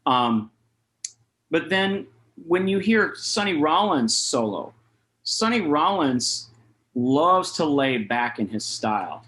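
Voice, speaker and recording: A man's voice: on the high side, very animated, slow, fairly bright tone. Chatty man teaching jazz rhythm. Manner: casual, chatty, scats rhythms aloud. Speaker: jazz saxophone clinician. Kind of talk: online master class talk. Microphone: video call.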